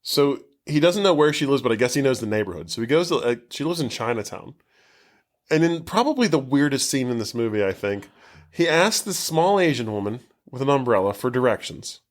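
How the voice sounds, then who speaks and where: A man on a podcast walking through a movie's plot in a loose, rambling way. He swears freely and fills his sentences with "like" as he goes. His voice sits at an ordinary, middle pitch. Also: very animated, fairly quick. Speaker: podcast co-host. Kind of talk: casual movie recap chat.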